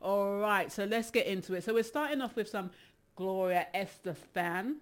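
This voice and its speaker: Middle-aged DJ, chatty and a bit breathless, giving laughing livestream shout-outs at a middling pitch. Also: moderate pace, clear, resonant tone. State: slightly out of breath. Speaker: DJ hosting a live stream.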